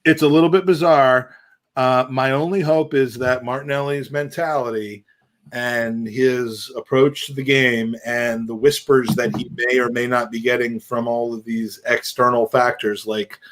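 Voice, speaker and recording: A man's voice: medium pitch, fairly even intonation, measured pace, a bit bright. A man co-hosting a casual football chat, rambling and thinking aloud with restarts.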